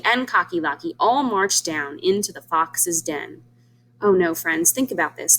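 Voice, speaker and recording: A woman reads a children's storybook aloud, pausing to explain words and ask the children what they think. Her voice moves up and down in a very lively, expressive way. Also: fairly low pitch, a little hiss or hum. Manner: warm, explains words to children, asks them questions. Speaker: teacher reading aloud. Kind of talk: children's read-aloud lesson.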